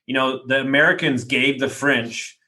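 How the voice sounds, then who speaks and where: A man hosting a podcast interview, telling stories in a casual, animated way and dropping slang like dude. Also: mid-range voice, moderate pace. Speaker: podcast host.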